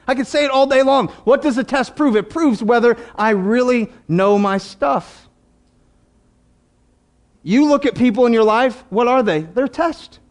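A male pastor preaching a sermon in an animated, emphatic way, with jokes and asides. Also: very high-pitched.

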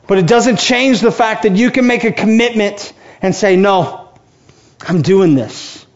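A man's voice: sits high, dull audio. A male pastor preaching a sermon with passion, acting out the voices of the people he quotes. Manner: impassioned, acts out quoted voices.

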